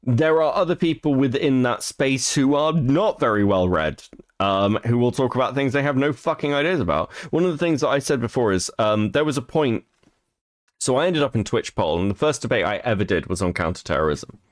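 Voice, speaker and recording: A man's voice: medium pitch, expressive, a little fast, no room sound, studio quality. A man streaming casual reaction commentary, chatty and profane, laughing between remarks.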